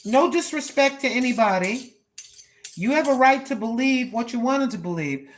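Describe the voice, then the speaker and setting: A woman's voice: a little high, animated, moderate pace, faint music behind. An older woman talking casually and preachily while live-streaming on a walk, recorded on her phone. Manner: chatty, preachy, talks to herself. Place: outdoors on a walk.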